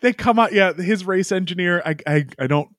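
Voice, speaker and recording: A man co-hosting a casual podcast chat, expressive and quick to imitate the radio messages he heard. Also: high-pitched, no room sound, clean studio sound. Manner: lively, expressive, mimics radio calls. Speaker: podcast co-host.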